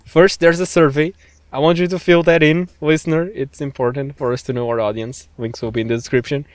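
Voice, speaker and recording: A man's voice: on the high side, flat delivery, a little fast, dry recording. A man co-hosting a podcast in casual chat, joking and self-deprecating. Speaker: podcast co-host.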